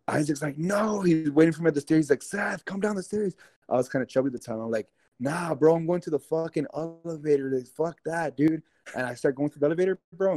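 Mellow-voiced man telling a wild story. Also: mid-range voice, no echo. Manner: rambling, profane, keeps addressing listeners as guys. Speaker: interview guest. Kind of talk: casual storytelling.

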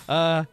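An adult man chatting excitedly to viewers as he wraps up a live game stream, peppering his talk with "like". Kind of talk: live-stream casual chat.

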